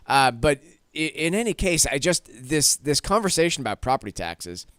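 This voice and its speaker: A man's voice: on the high side, sing-song, normal speed, fairly bright tone, no echo. A man hosting a radio show in a studio, talking casually and with exasperation, rambling with restarts and lots of "like". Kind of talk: casual on-air talk. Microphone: studio microphone.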